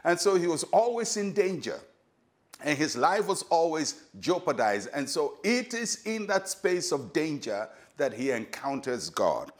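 An older man with a Ghanaian accent, a pastor giving a short devotional sermon in a measured, emphatic way that slows for key lines. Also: fairly high pitch, sing-song.

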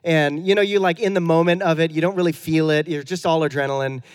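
Slightly high-voiced storytelling male pastor. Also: steady tone, fast talker, clear, resonant tone. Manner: conversational storytelling with self-deprecating humor. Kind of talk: sermon.

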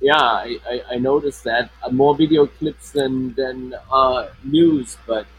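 On a low-quality recording, a man co-hosts a casual live stream, his speech hesitant and full of fillers, stops and restarts, with a flanger effect on his voice. He speaks slowly in a steady, medium-pitched voice that is a bit bright and slightly rough.

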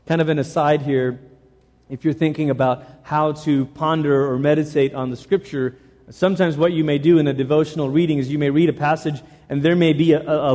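Guy preaching in a church, echoey hall, high warm voice. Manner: animated preaching, repeats phrases for emphasis. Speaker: pastor. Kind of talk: sermon.

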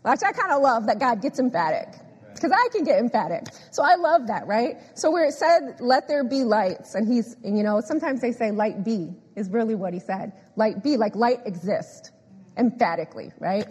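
Woman preacher, higher voice, husky, emphatic and animated, long hall reverb. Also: normal speed. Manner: animated, emphatic, laughs often, repeats phrases. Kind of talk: sermon.

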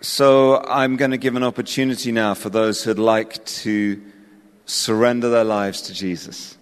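In a reverberant hall with music and a live audience, a man from England delivers a personal, impassioned evangelistic sermon, rising to a call for listeners to respond and then easing off. His voice is on the low side and clean, with fairly even intonation and a measured pace.

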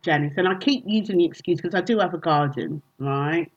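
A woman comedian chatting casually in a remote interview, telling animated, self-mocking stories. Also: fairly low pitch, fairly quick, dull audio. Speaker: comedian guest. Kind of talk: casual chat.

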